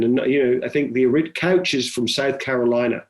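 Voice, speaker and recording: A man's voice: medium pitch, quick pace, few pauses. A middle-aged man, a film director, telling stories in a chatty interview with many restarts. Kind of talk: conversational interview.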